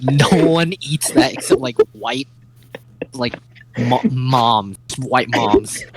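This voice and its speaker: A man's voice: medium pitch, takes it slowly, slightly rough, low-quality recording. A young man co-hosting a podcast in casual chat, teasing the others and riffing on jokes, often cutting in. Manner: teasing, jokey, interrupts with bits. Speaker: podcast co-host.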